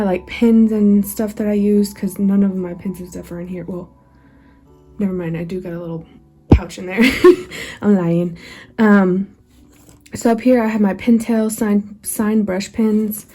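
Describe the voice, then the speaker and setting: A woman's voice: medium pitch, dark tone. A young woman chatting casually in a home vlog, slightly out of breath, rambling with ums and little laughs. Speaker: journaling vlogger. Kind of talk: casual show-and-tell vlog.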